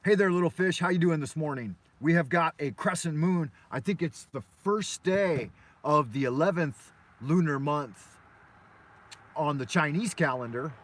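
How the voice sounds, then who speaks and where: A man's voice: fairly high pitch, normal speed, a bit bright. An American man from Los Angeles hosting a live morning show from his car, telling stories in a loose, profane, meandering way. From Los Angeles, USA. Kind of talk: rambling live-stream storytelling.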